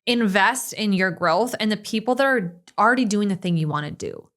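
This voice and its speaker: A woman's voice: mid-range voice, fairly quick, fairly bright tone. A woman hosting a podcast, talking in a casual, enthusiastic and emphatic way. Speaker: podcast host, business owner.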